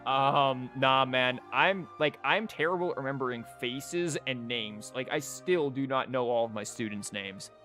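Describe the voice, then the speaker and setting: A man with a sharp-toned mid-range voice speaks at a measured pace with few pauses, chatting casually on a live stream as he theorycrafts. He's a streamer and teacher whose rambling talk is full of "like" and restarts, with faint music behind him.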